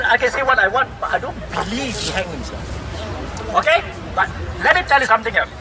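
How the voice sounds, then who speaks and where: A middle-aged speaker with a Singaporean English accent berates the government in an impassioned, rhetorical rally speech recorded outdoors in a city. His pitch is extremely high, and the background is noisy.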